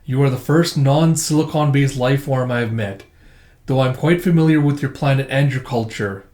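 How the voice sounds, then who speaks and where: A man's voice: medium pitch, normal speed, a little mellow, natural voice. Stiff literal robot sidekick, male, formal and polite, a man reading it out, echoey room. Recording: roomy echo.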